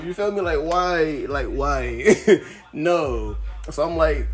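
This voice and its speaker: Animated young man, high voice. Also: normal speed. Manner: animated, profane, swings between loud outbursts and low muttering. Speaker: podcast host. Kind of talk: casual storytelling monologue.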